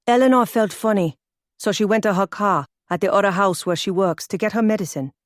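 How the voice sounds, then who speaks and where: A woman voicing a composed island woman at a buffet, speaking calmly and politely. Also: medium pitch, a little fast, dry recording, studio quality, natural voice.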